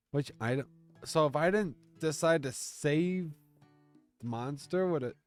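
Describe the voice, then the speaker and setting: A man's voice: on the high side, a little slow, soft background music. A man streaming, reading a text game aloud and reacting with jokes and curses. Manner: reads the story aloud and jokes and curses along.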